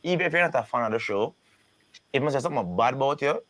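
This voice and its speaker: A Jamaican man interviewing an artist in a relaxed conversation. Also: medium pitch, quick pace, no echo.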